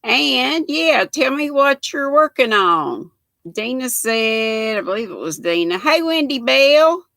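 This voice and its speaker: Older North Carolina woman, Southern accent, livestream host; bright and gravelly, folksy. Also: on the high side, animated, takes it slowly, dry recording. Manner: chatty, folksy, greets viewers by name. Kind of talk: casual livestream chat reading comments.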